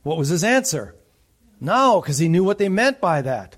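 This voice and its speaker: Husky-voiced guy preaching a sermon, fairly high voice, goes loud then drops real quiet, keeps asking the room questions. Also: sing-song, normal speed. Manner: swings from loud emphatic rises to low quiet asides; asks the congregation questions. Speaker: pastor. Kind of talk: expository sermon.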